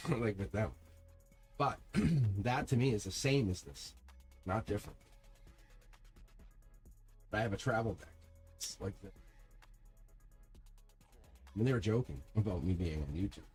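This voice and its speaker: A middle-aged man chatting casually as a tarot reader on a live stream, telling a story in a rambling, animated way with many laughs and restarts. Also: lowish voice, husky.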